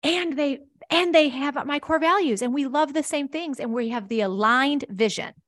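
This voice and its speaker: Middle-aged woman founder, enthusiastic interview guest, slightly high voice, dry close sound. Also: moderate pace, fairly bright tone, no room sound. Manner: enthusiastic, acts out quoted voices, laughs easily. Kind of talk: animated conversational interview answer.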